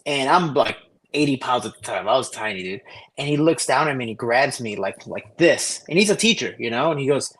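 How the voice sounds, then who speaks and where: A man co-hosting a casual podcast, telling stories in a profane, animated way over a remote connection. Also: medium pitch, a little fast, slightly rough. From Cicero, Illinois area. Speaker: podcast co-host. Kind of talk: casual podcast chat, storytelling. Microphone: remote call over shaky Wi-Fi.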